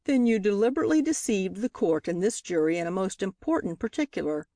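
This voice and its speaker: A woman reading the part of a sharp, relentless male courtroom lawyer, with a pointed, cross-examining delivery. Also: medium pitch, animated, quick pace, no echo, clean studio sound. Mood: sharp, pressing. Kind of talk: audiobook character reading.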